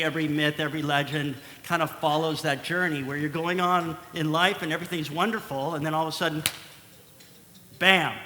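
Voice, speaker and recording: A man telling a comic personal story to a live audience in a large event hall, playful and animated, acting out the dialogue. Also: on the high side. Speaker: speaker and singer at an event. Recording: echoey hall with faint noise.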